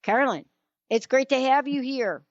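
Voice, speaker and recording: A woman's voice: high voice, normal speed, no echo, dull audio. A woman with a New York accent hosting a talk radio interview, enthusiastic and chatty, laughing easily. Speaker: radio show host.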